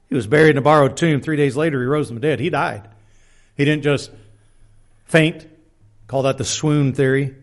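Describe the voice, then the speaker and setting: A man preaching a Bible lesson, reading verses aloud and adding plain-spoken personal asides, often restarting his words. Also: mid-range voice. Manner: reads scripture aloud, plain-spoken, self-deprecating asides. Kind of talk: Bible teaching sermon.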